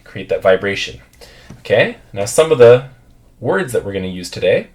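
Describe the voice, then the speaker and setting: Guy teaching pronunciation, slow and patient, low voice that swings around a lot. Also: sing-song, a little mellow. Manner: patient, repeats words for learners to echo. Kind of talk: classroom pronunciation drill.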